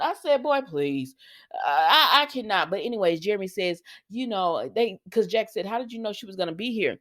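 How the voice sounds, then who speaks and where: A woman's voice: medium pitch, big pitch swings, normal speed. A woman giving a casual, opinionated recap of a soap opera episode, chatty and full of fillers. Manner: chatty, opinionated, frequent fillers like um and you know.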